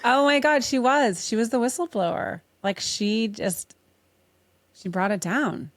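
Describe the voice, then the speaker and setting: A woman's voice: fairly high pitch, animated, unhurried, no room sound. A woman hosting a podcast, chatting casually, swearing freely and laughing often. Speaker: podcast host. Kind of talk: casual interview chat.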